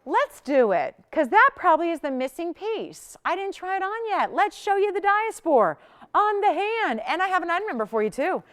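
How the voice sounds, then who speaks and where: A woman's voice: very high-pitched, big pitch swings, normal speed, a bit bright. A woman hosting a live jewelry shopping show, chatty and enthusiastic, laughing often as she sells.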